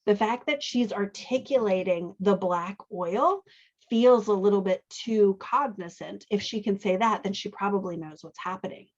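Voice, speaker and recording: A woman hosts a show as a dialogue editor, casually teaching dialogue while editing a manuscript and thinking aloud with frequent "right?" questions. She has a medium-pitched voice at a moderate pace, and the audio is dull.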